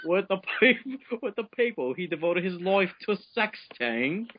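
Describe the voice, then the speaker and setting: A man's voice: high voice, very animated, muffled recording, noisy background. A man co-hosting a podcast, reading a nonsense story aloud and stumbling into laughter. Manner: reads haltingly, breaking into laughter. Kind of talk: casual chat, comic read-aloud. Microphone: home mic over a voice call.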